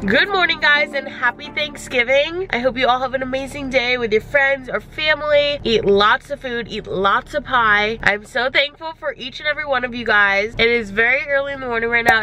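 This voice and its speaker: A woman's voice: fairly high pitch, a little fast, few pauses, bright, forceful tone, faint music behind. A young woman with a stuffy nose, chatting upbeat and straight to the camera in a casual vlog. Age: young adult. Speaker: vlogger.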